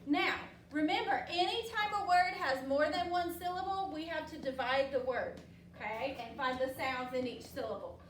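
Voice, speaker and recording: A woman teacher leading a classroom phonics lesson, upbeat and patient, drawing words out slowly for the children. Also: high-pitched, slight background noise. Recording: echoey classroom from far off.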